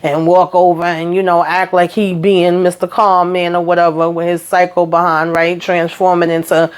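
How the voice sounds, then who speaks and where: A woman's voice: lowish voice, level tone, moderate pace, clean tone. A woman casually recapping a TV episode in a chatty, sassy way, retelling the plot with colorful asides. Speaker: YouTube TV recap host.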